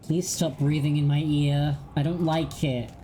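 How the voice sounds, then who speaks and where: A woman's voice: deep voice, little pitch movement, unhurried, warm tone, a little hiss or hum. A young woman streaming a horror game, joking at herself and reacting aloud in a playful, casual way. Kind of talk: casual live gameplay commentary. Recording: stream with faint game music.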